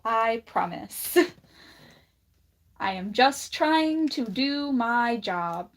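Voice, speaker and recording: A woman with a slight lisp chatting on a livestream in a high-ish voice. She drags her words out slowly and bluntly. She laughs often between thoughts. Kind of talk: casual livestream chat.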